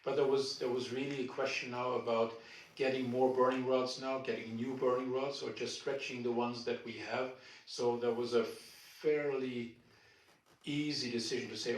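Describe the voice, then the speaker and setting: An older man from Germany, a retired diplomat answering audience questions in a conversational, halting way, often repeating words. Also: mid-range voice. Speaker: retired ambassador, guest speaker. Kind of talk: Q&A answers at a public talk. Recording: echoey room from far off.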